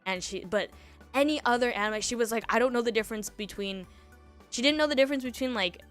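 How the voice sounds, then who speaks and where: A woman's voice: a little high, fast, fairly bright tone, soft background music. A young woman streamer telling a story in casual chat, rambling with lots of fillers and laughs between thoughts.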